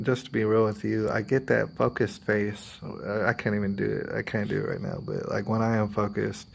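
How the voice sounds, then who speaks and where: Gravelly low-voiced man rambling. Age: adult, has a daughter. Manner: rambling, confiding, quotes others in put-on voices. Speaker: vlogger. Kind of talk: personal talk to camera.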